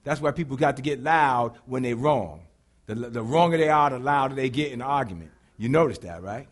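A pastor preaching with call-and-response, animated and bursting into shouts. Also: male voice, mid-range voice, a little fast. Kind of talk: sermon.

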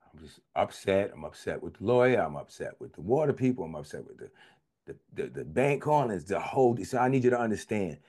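A man with a fairly low voice preaches a sermon. His delivery is conversational and vernacular, with repeated phrases. He swings between loud, high exclamations and quiet, confiding lows. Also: sing-song, brisk, breathy edge.

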